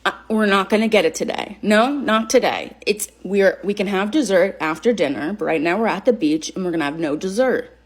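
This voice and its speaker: A woman's voice: medium pitch, lively intonation, fairly quick, lightly acted. A woman playing a harried suburban mother at the beach, scolding her kids and husband. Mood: exasperated. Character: frazzled suburban mom at the beach, exasperated.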